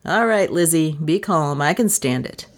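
Lady reading as a dry, clipped detective guy, low voice, storybook. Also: animated, moderate pace. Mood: curt. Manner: curt, clipped questioning. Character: stern, dry male detective, middle-aged.

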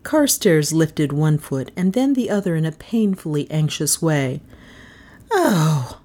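A woman narrating a story with a low-set voice that still swoops and bounds through each sentence. Her reading is expressive and animated, in steady storybook narration. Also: moderate pace. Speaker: audiobook narrator.

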